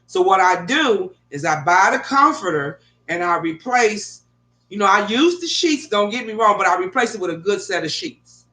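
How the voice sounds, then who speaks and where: Middle-aged woman, rambling vlog chat, lots of swearing, forceful bright voice, echoey bedroom. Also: medium pitch, normal speed. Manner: animated, rambling, heavy swearing. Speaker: vlogger. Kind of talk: casual profane storytelling to viewers. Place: bedroom at home. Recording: echoey room.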